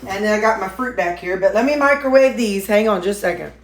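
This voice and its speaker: In her home kitchen, a woman chats fast and expressively in a medium-pitched voice for a casual diet vlog, rambling with many fillers and restarts. The echoey recording picks up dish clatter and a slight hiss or hum.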